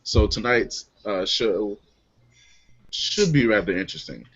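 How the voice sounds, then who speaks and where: A man's voice: lowish voice, a little slow, breathy edge. A man hosting a casual online beer chat show, joking and laughing as he introduces guests. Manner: lively, laughs often, loose and joking. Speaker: podcast host. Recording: lo-fi online call audio.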